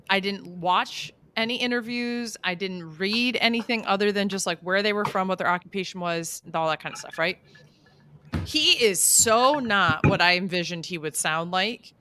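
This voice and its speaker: A woman's voice: medium pitch, pushed and bright. A woman co-hosting a casual recap podcast, talking animatedly and acting out quotes in little voices. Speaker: podcast co-host.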